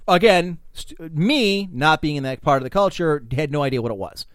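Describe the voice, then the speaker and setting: Lively, rambling male podcast host. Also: a little high, moderate pace, clean tone. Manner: rambling, profane storyteller. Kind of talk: casual chat.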